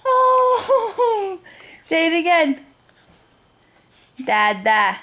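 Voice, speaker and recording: A woman's voice: very high-pitched, big pitch swings, extremely slow, pushed and bright, a little hiss or hum. A young woman at home talking to her baby in cooing, sing-song baby talk. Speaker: mother filming her baby.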